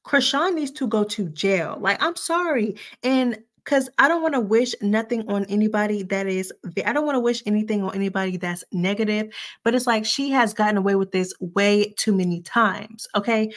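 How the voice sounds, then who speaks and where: A woman's voice: medium pitch, moderate pace. A woman in her twenties hosting casual pop-culture gossip commentary, blunt and sassy with slangy asides. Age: 20s.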